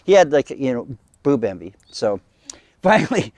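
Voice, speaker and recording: A man's voice: mid-range voice, very animated, normal speed, darkish tone, no room sound. A middle-aged man telling a comic story to a small live audience in a casual, chatty way. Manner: casual, chatty, acting out voices in quotes. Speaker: comedic storyteller.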